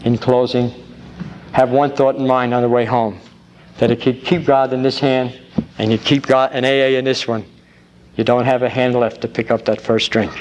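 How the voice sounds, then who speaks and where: A man's voice: medium pitch, normal speed. A man giving a talk at a recovery convention, folksy and grateful, telling stories with jokes, recorded on an old tape in a large hall. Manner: folksy, grateful, tells jokes with rising excitement. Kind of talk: recovery meeting talk with storytelling. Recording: old tape with faint hiss.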